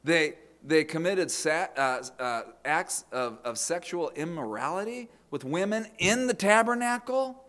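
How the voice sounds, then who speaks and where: A man's voice: on the high side, expressive, a little slow, hardly any pauses, fairly bright tone. A middle-aged man preaching a sermon, telling family stories and often repeating words as he restarts a thought. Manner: storytelling with acted quotes, repeated words. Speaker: pastor.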